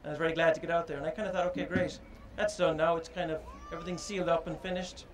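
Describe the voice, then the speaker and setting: A man speaking at an unveiling, his voice sitting a little high. He talks informally and thoughtfully, pausing often and filling gaps with ums as he goes. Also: little pitch movement, poor audio. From Ireland. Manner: halting and reflective, with many pauses and fillers. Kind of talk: informal public speech.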